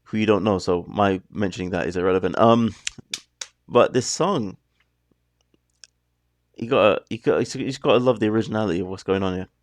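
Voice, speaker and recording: A man on the low side talks fairly quickly but leaves long pauses, with no room sound. His reaction-video commentary on the music is chatty and meandering, and he keeps interrupting his own thoughts.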